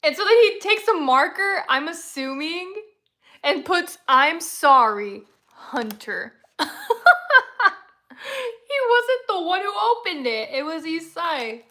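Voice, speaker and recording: Woman livestreamer, high voice, chatty, rambling, quick to laugh. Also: expressive, fairly bright tone. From San Antonio, Texas, USA. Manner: chatty, rambling storyteller who laughs often. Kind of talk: casual chat with viewers.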